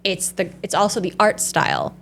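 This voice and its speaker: A middle-aged woman telling a personal story in a casual podcast chat, animated and often acting out what she said. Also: mid-range voice, moderate pace, vocal fry, a little hiss or hum. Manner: animated storytelling, often acting out her own quoted dialogue. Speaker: podcast co-host.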